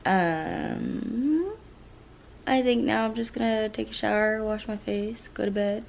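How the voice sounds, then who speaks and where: A woman's voice: mid-range voice, slow pace, gravelly, a little hiss or hum, rough recording. A woman in her thirties talking candidly in a casual diary vlog, rambling and self-deprecating, with lots of fillers. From California. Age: 30s. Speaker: vlogger. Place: at home and in a car.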